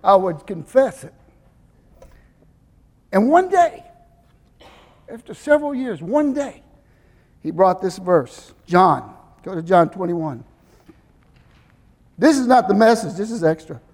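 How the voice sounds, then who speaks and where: Older man preaching, high voice in a reverberant hall. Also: lively intonation, normal speed. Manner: questions the congregation and answers himself; swings between loud emphasis and soft intimate asides. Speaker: pastor. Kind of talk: sermon.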